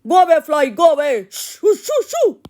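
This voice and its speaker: A woman voicing an old male master painter who is proud and excitable, talking loudly and exclaiming. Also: very high-pitched, normal speed, voice pushed up, full character voice. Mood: annoyed. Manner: loud, exclaiming, fussing.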